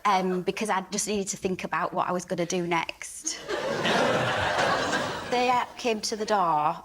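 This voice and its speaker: A woman's voice: mid-range voice, unhurried. Sheepish woman telling a story, noisy studio. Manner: sheepish, laughing through the story. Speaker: panel show guest. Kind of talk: comic anecdote.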